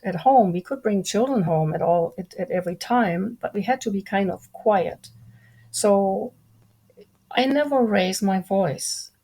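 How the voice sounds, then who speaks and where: Calm, measured woman with slight gravel. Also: medium pitch. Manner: calm, measured, deliberate speech. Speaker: guest. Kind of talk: conversational interview.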